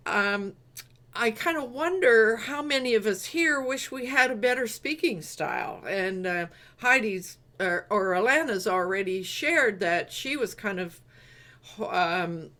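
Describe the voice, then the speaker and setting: A woman's voice: medium pitch, fairly bright tone. A woman hosting an online group meeting, speaking hesitantly with many fillers and easy laughs. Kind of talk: casual group video chat.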